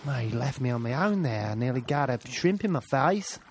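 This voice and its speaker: A man's voice: mid-range voice, expressive, fairly quick. A man doing jokey improvised podcast banter in a put-on Australian voice, saying "mate" over and over. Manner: jokey, keeps repeating "mate". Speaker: podcast co-host. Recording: faint background noise and clicks.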